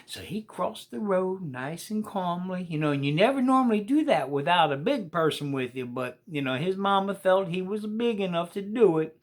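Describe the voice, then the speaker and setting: A woman's voice: on the low side, expressive, moderate pace, few pauses. A woman telling a children's story in a folksy, colloquial way and speaking straight to the young listeners.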